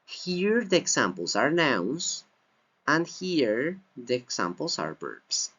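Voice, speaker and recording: A male English teacher walks through a slide lesson at an unhurried, deliberate pace. His pitch rises and falls a lot as he repeats key phrases for emphasis. The recording sounds dull and lo-fi. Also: sing-song, pushed and bright, slightly rough. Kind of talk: slide-based grammar lesson.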